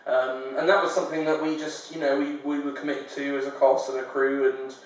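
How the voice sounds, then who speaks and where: Relaxed young man, echoey room. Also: medium pitch, brisk. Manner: relaxed, filler-heavy. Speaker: student actor interviewee. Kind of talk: casual chat. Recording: echoey room, far from the mic.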